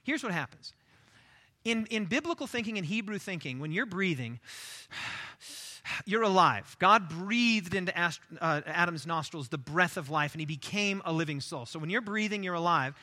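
Bright-voiced emphatic man preaching. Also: sits high, animated, moderate pace. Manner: emphatic, repeats key phrases for stress; stammers on restarts when speaking off the cuff. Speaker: pastor. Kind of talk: sermon.

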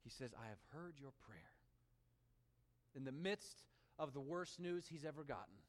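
A man preaching a sermon, reading scripture aloud and swinging between animated emphasis and hushed, intimate asides. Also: medium pitch, unhurried, long pauses, big-room sound. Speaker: pastor.

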